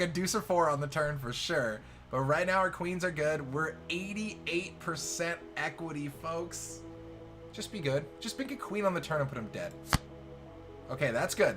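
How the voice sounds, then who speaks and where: A man hosting a poker show, giving live hand commentary in a joking, excitable way that swings from loud cheers to quiet murmurs. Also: fairly high pitch. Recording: music playing behind the voice.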